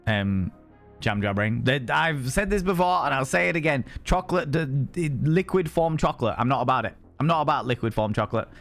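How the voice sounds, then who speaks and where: A man's voice: mid-range voice, expressive, brisk, gravelly, fairly bright tone, soft background music. A young man streaming and chatting casually, rambling from topic to topic, swearing freely and greeting viewers by name. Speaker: streamer reading chat. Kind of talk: casual chat.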